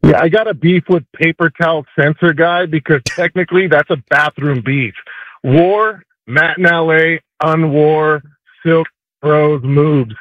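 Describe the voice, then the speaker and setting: A man from Southern California calling a radio show, quick and matter-of-fact. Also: a little high, steady tone, no room sound. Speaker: caller. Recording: muffled phone line.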